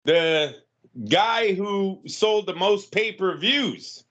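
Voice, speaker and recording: A man's voice: high voice, very slow, a bit bright, lo-fi sound. A man co-hosting a boxing podcast, giving earnest opinions on fighters. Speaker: podcast co-host. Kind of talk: casual boxing talk.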